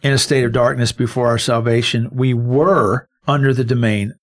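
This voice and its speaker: A man's voice: mid-range voice, fairly even intonation, moderate pace. Man unpacking scripture in conversational Bible study. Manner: explanatory, emphasizes single words when unpacking verses. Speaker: Bible teacher and co-host.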